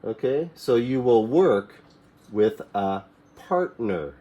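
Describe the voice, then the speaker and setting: A man teaching a classroom English lesson to young learners, repeating simple commands slowly for them to echo. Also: medium pitch, animated, mellow, highs cut off. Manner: slow, repeats phrases for students to echo; mimics classroom commands in a raised voice.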